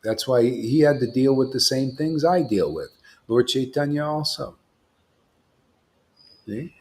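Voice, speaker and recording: A man's voice: mid-range voice, expressive, unhurried, darkish tone. A man giving an informal devotional sermon as a spiritual teacher, rambling and emphatic, often acting out what imagined listeners say.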